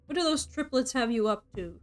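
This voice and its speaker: A woman's voice: high-pitched, a little fast. A woman voicing a cocky young man with a Cockney accent who teases in a lazy drawl. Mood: teasing. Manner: lazy teasing drawl, then deadpan. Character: cocky snack-pocketing young man, teasing then protective.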